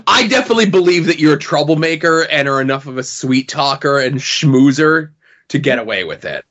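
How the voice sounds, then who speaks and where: Relaxed middle-aged male podcast host. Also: on the high side, brisk, dull audio. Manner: relaxed, loose, a bit stammering. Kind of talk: casual chat.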